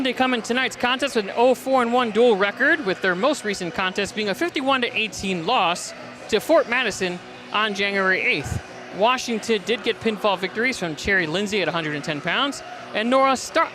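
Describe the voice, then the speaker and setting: A man broadcasting a high school wrestling preview, energetic and quick, rattling off stats and names while a little out of breath. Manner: energetic, fast-talking, reading stats and names. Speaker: play-by-play broadcaster. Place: top of gym bleachers.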